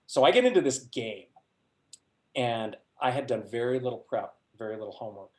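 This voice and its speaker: A middle-aged man presenting a workshop, telling a personal anecdote to a group with animated delivery and frequent laughs. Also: medium pitch, a little fast. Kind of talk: storytelling talk to a group. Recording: roomy echo.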